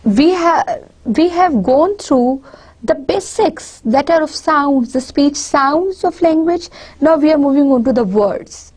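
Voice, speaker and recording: A woman with a Pakistani accent teaching a university lecture in a high voice. She explains patiently step by step, breaking off and restarting her sentences as she gives spoken examples. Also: expressive, takes it slowly, a little mellow.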